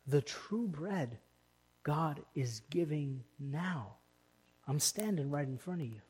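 Man, pastor delivering a church sermon; emphatic, slightly higher voice. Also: animated, takes it slowly, slightly rough. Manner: emphatic, rising to loud stresses.

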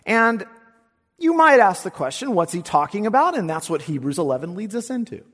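A pastor preaching an expository sermon in a church, swinging between emphatic lines and hushed asides and asking rhetorical questions. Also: male voice, high-pitched, big pitch swings, brisk, long reverb tail. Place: church sanctuary.

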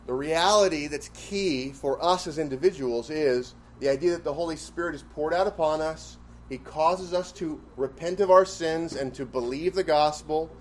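A man leads a classroom Bible lesson in a somewhat high voice. He drives points home by repeating key phrases and turns to the class with questions. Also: a little mellow. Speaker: Bible study teacher.

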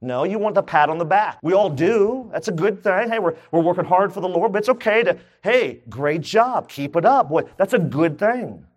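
A man's voice: sits high, lively intonation, fairly quick, hardly any pauses, muffled recording. A man preaching a sermon, asking his congregation questions and joking as he goes. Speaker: pastor. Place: church.

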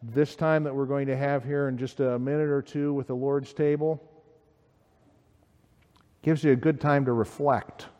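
A man preaching a sermon as pastor, earnest, voice rising with emphasis and then dropping low and quiet. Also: fairly even intonation, normal speed, long pauses, big-room sound. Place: church sanctuary.

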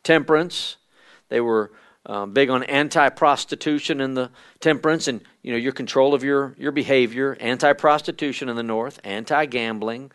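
Delivering a church history lesson at a midweek service, this man speaks conversationally, pausing often with fillers and reading quotes out loud. His voice is smooth, medium in pitch and fairly bright.

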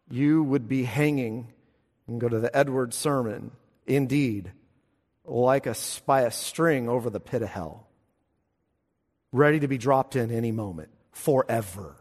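A man preaching a sermon as pastor, emphatic, swinging between hushed lines and loud, ringing ones. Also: medium pitch. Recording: long hall reverb.

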